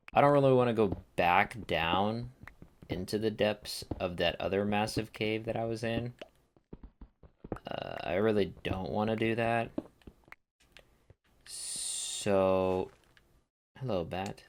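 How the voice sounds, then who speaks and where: A man's voice: lowish voice, slow pace, long pauses, a little hiss or hum. A young man chatting casually and rambling while playing a game, dropping slang as he goes. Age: young adult. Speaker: let's play gamer. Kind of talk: casual gameplay commentary.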